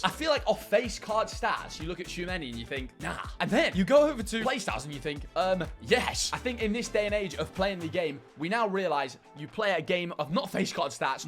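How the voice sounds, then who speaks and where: A bright, high-pitched man talks through his football game squad in upbeat commentary, cracking jokes and throwing in goofy catchphrases. Soft music plays under his voice. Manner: playful, jokey, hyped with silly catchphrases. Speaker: gaming YouTuber. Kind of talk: enthusiastic squad-builder commentary.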